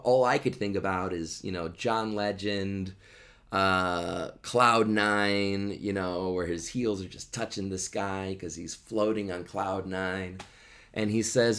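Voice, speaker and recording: A man hosting a podcast, explaining a play in a chatty, animated way full of asides. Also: low voice, takes it slowly. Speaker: podcast host.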